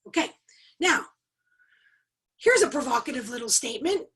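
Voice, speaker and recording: Middle-aged female coach, high voice with a husky edge, emphatic webinar teacher. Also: moderate pace, poor audio. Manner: animated, emphatic teacher with rhetorical questions. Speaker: leadership coach and trainer. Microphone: video call.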